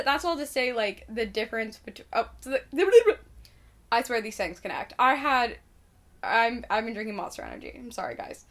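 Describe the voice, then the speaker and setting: A young woman from Indiana chatting casually to camera in a rambling, sweary way, full of fillers and sudden loud outbursts. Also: fairly high pitch. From Indiana, United States. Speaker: vlogger.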